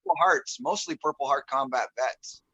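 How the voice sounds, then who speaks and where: A male guest musician telling a story in a casual, rambling way, full of fillers and pauses as he searches for words, over a video call. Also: mid-range voice, wildly swooping pitch, vocal fry, lo-fi sound, crowd noise.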